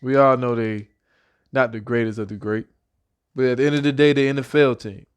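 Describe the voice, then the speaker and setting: This young man talks football as an excited fan in a casual prediction vlog. He repeats his points and runs through stats in a loose, chatty way. His voice sits at an everyday middle pitch for a man. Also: brisk, smooth.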